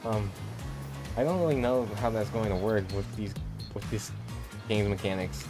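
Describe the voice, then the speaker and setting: A man's voice: medium pitch, normal speed. Playful man reading a game aloud. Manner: playful, joking, frequent self-corrections. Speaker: game streamer reading all parts. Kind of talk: casual game playthrough commentary. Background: music.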